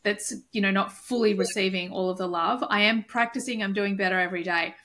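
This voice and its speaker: A woman's voice: mid-range voice, steady tone, a little fast, sharp tone. A woman hosting a podcast and chatting casually, emotional and effusive, with many fillers. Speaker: podcast host and coach. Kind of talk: casual chat.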